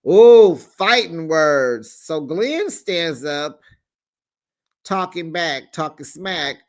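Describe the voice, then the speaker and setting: A man hosting a casual reality TV recap, telling the story in an animated, sassy way and acting out the quotes. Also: fairly high pitch, very slow. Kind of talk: casual gossip recap commentary.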